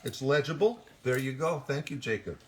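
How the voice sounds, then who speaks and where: A man's voice: mid-range voice, moderate pace, noisy background. An older man, a voice actor at an autograph signing, telling rambling stories in casual chat and often restarting his sentences. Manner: rambling anecdotes with frequent restarts and self-corrections.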